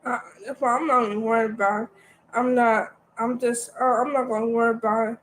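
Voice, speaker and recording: A woman's voice: a little high, fairly even intonation, brisk, slight background noise, low-quality recording. A woman ranting on a livestream, defiant and repeating herself. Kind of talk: livestream rant.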